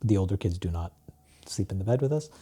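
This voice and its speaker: A man talking as a guest on a podcast, telling stories in a relaxed way, with restarts and laughs. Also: low voice, fast, husky. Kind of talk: casual interview chat.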